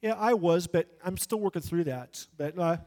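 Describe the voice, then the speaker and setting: With a high, slightly mellow voice and a moderate pace, a man delivers an evangelistic sermon. His style is emphatic and conversational, his pitch climbs and falls sharply for effect, and he slips into small character voices when quoting people in his stories.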